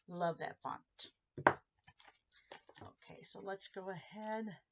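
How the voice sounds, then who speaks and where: A woman's voice: mid-range voice, takes it slowly, very noisy. Lady doing a card-making video, talks you through every step, a bit muffled. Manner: chatty, talks viewers through each step. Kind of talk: casual crafting tutorial.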